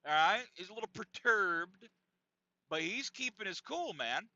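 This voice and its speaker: In a high-pitched, unhurried voice, this podcast host animatedly tells a story, full of profanity and frequent laughter. The recording is dull, lo-fi and dry.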